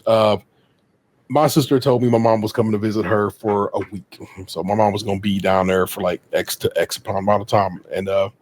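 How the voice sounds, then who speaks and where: A middle-aged man hosting a podcast, chatting casually and telling a story in an animated way. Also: fairly quick. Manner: animated, slips into high voices for quoted people. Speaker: podcast host.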